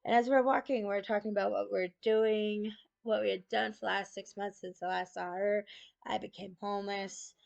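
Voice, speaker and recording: A woman's voice: mid-range voice, fairly even intonation, normal speed, gravelly, a little mellow, muffled recording. A young woman telling a personal story in a chatty, casual way, often saying "I'm like". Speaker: student.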